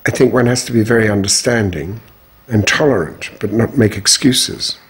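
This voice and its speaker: A husky, low-pitched older man telling his own story in an interview. He speaks in a measured and frank way, with firm opinions. His voice has a breathy grain throughout. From Australia. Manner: measured, frank, strong views. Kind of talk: reflective personal storytelling.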